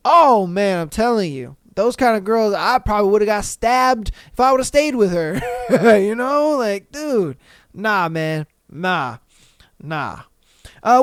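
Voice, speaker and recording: A young man hosts a podcast in a slangy, profane, animated style. His voice is smooth and clear, and it sounds dry and close to the mic. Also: high-pitched, moderate pace, dry recording. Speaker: podcast host. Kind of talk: casual solo podcast commentary.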